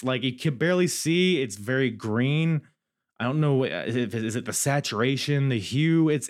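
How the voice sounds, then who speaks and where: A man hosting a podcast, rambling candidly through a casual review and swearing freely. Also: mid-range voice. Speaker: podcast host.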